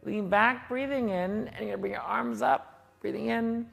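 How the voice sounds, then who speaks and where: A woman's voice: fairly high pitch, moderate pace, creaky, fairly bright tone. A woman leading a qigong class with chatty, folksy instructions and asides, in a fitness studio. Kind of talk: guided exercise class. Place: martial arts and fitness studio.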